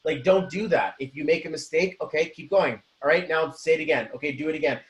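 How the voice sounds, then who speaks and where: Energetic man talking in a roomy space. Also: fairly high pitch, fast. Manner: energetic, acts out quoted voices. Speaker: co-host. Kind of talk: motivational casual talk. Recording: roomy echo.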